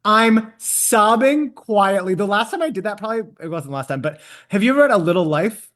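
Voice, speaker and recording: A man co-hosting a casual book podcast, theatrical and profane, with quick swings in pitch. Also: animated, fairly bright tone. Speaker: podcast co-host. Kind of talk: casual book-club chat.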